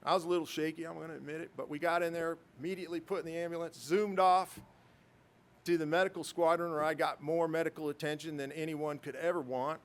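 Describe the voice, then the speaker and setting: Talking fast in a fairly high voice with little pitch movement, a middle-aged military pilot serves as guest speaker at a ceremony, sharing stories laced with self-mocking humor and chuckles.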